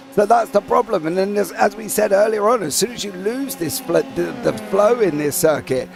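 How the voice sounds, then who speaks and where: A man's voice: high voice, gravelly. A man giving casual, rambling color commentary on an online sim race.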